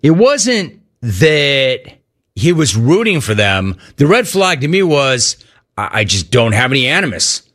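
A man hosting sports talk radio, reading listener messages in an animated, quick delivery. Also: mid-range voice.

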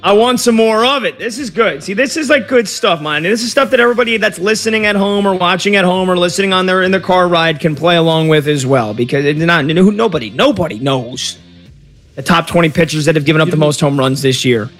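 Male sports talk host, slightly high voice, lively and chatty, faint music bed underneath. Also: brisk. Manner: energetic, chatty, jokey.

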